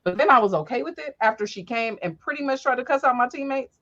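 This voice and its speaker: A woman host telling family stories in a casual, profane, animated way, jumping up high when she acts out quotes. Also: quick pace, lo-fi sound. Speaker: podcast host. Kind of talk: casual storytelling chat.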